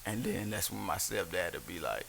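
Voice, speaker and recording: A man's voice: sits low, normal speed, gravelly. A young man, telling stories in casual podcast chat and acting out what people said. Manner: animated storyteller, acts out quotes, swears freely. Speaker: podcast co-host. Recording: faint hiss.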